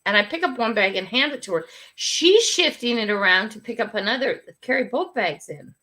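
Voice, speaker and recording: A woman's voice: on the high side, expressive, fairly quick, bright, forceful tone. An older woman hosting a casual livestream, telling stories in a chatty, bossy grandmotherly way and laughing often. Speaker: livestream host.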